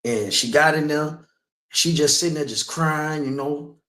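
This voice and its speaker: A man's voice: on the high side, measured pace, bright, forceful tone, roomy sound. A man giving a personal testimony in a sermon, talking conversationally and often checking in with the listeners. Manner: conversational, keeps asking "you know what I'm saying". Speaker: speaker.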